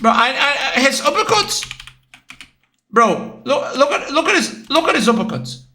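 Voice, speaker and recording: A man streaming casual reaction commentary, excitable and blunt, repeating himself and swearing as he explains technique. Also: very high-pitched, normal speed, very echoey, far from the mic.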